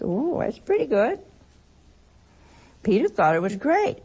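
A woman's voice: medium pitch, animated, moderate pace, creaky, long pauses, mellow, slightly rough. A woman giving a sermon-like talk to listeners, telling playful stories, laughing and acting out voices. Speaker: religious speaker.

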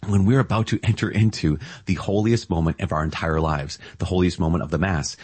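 Low husky-voiced man preaching with wonder. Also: steady tone, brisk, darkish tone, dry recording. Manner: enthusiastic, marvelling, exclamatory. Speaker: Catholic preacher. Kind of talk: casual scripture reflection.

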